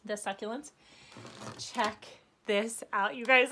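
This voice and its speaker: A young woman vlogging an unboxing from her floor at home, gushing and bubbly, saying again and again how excited she is. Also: fairly high pitch, moderate pace. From Arizona, United States. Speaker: craft vlogger. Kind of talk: unboxing vlog.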